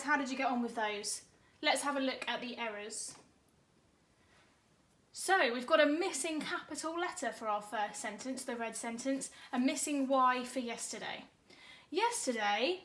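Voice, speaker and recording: Teacher lady doing a grammar lesson for kids, kinda high voice, cheery, spells stuff out slow. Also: a bit bright. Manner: upbeat, spells words out slowly letter by letter. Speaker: primary school teacher.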